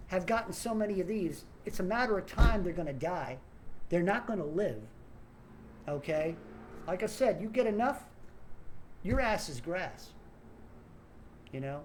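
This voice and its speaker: A man's voice: high-pitched, slight background noise. Angry ranting man, stumbling repeats. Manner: angry, swearing, repeats words. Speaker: online commentator. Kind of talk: angry political rant.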